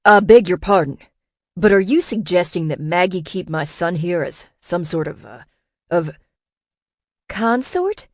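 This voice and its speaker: A woman's voice: fairly low pitch, wildly swooping pitch, slow, pauses often, a little mellow, no echo, clean studio sound, exaggerated voice. A woman voicing an outraged, protective father in an audiobook. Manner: outraged, firm.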